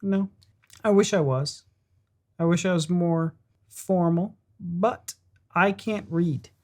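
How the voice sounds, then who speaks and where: Low-voiced, joking American woman. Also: slow, darkish tone. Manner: joking, blunt, casual swearing. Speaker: reaction video host. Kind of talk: casual chat.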